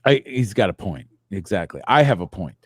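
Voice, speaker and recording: A man's voice: low-pitched, big pitch swings, a little fast, slightly rough, dry recording, studio quality. A man co-hosting a comedy podcast in casual chat, wandering through long rambling hypotheticals. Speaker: podcast co-host.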